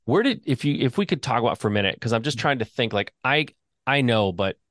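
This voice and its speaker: A man hosting an interview, casual and upbeat, reacting quickly to his guest. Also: medium pitch, expressive, fairly bright tone, no echo, clean studio sound. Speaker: podcast host.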